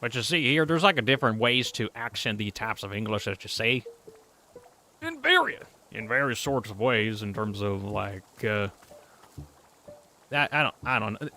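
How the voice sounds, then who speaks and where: A man's voice: on the low side, normal speed, pushed and bright, a little hiss or hum. A man streaming a video game, chatting casually and rambling as he reacts to his chat. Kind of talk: casual gameplay commentary.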